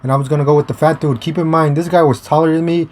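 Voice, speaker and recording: A man's voice: a little high, steady tone, very fast, a little mellow. A young man telling a story in a casual, rambling way, with swearing and many fillers and restarts. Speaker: vlogger. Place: outdoors.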